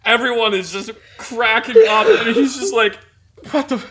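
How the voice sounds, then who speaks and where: A man's voice: extremely high pitch, normal speed. A man who served in the military, telling stories in a casual chat and laughing often as he talks. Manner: animated, laughs often mid-story. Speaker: military veteran storyteller.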